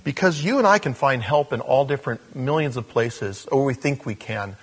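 Man, pastor, sermon, husky voice, mid-pitched, casual self-deprecating delivery. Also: lively intonation, moderate pace, few pauses. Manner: conversational, self-deprecating, addresses congregation as gang.

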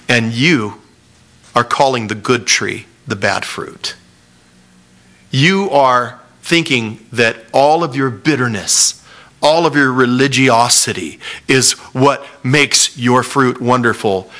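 A man preaching a sermon, reading scripture aloud and explaining it in an earnest, animated way. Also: mid-range voice, slow pace. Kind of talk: sermon-style Bible teaching.

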